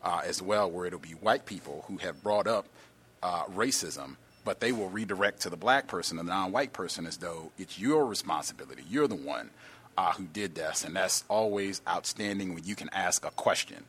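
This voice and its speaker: A man hosting a call-in show, answering a caller with deliberate, analytical commentary. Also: low-pitched, expressive, a bit bright, a little hiss or hum. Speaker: host.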